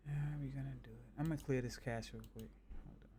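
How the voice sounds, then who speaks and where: A man from the northern United States, chatting casually on a live stream and thinking out loud in a halting, rambling way. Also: medium pitch, fairly even intonation, a little hiss or hum.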